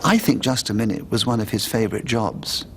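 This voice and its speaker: A man's voice: fairly low pitch, brisk, music in the background. A man in a documentary interview speaking in an articulate, appreciative way.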